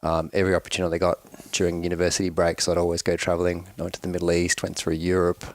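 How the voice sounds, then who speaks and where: An Australian man in his forties, a guest author, talking about his life in a relaxed interview. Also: sits low, racing. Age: 40s. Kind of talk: casual interview.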